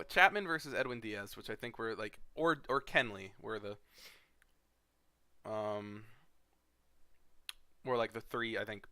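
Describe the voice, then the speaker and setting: A man's voice: fairly low pitch, bright, forceful tone, no room sound. A young man, a fantasy league commissioner, rambling through a casual recap with lots of fillers and blunt, profane asides, sleepy and yawning. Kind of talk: casual screen-share commentary.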